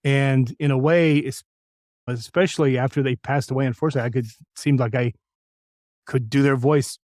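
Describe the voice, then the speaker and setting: A man's voice: medium pitch, moderate pace, no room sound. Middle-aged man telling stories, dry sound. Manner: animated, slips into impressions of other voices. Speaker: voice actor guest. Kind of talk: casual interview storytelling.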